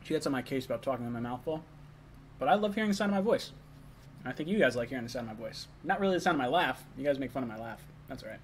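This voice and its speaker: A man's voice: medium pitch, expressive, racing, slight background noise. A young man hosting a casual live stream, chatting loosely, reading chat messages and talking while eating.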